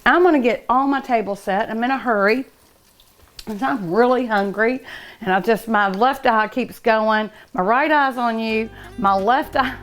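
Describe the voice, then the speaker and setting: Middle-aged woman on her cooking show, bit higher voice, chatty and eager, talking to viewers as she cooks. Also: normal speed, soft background music. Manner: chatty, emotional, eager and hungry, talks to viewers. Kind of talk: casual cooking show chat. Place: restaurant kitchen.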